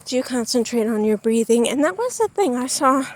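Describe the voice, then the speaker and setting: A woman's voice: fairly high pitch, big pitch swings, a little fast. A woman chatting in a folksy way to her viewers while walking laps outdoors, a little out of breath. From United States. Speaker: vlogger. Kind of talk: casual vlog chat while walking. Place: outdoors in a backyard.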